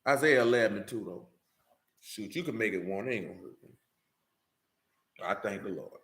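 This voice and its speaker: A man's voice: lowish voice, normal speed, vocal fry, long pauses, a bit bright. Fervent, emphatic male preacher in an echoey room. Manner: preachy, repeats "man" and "you understand", rising to emphatic. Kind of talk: sermon with scripture reading.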